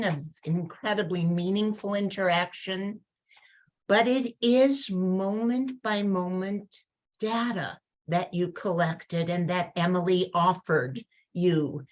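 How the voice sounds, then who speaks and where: Slow, measured woman on a panel. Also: fairly low pitch. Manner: thoughtful and measured. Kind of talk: panel discussion.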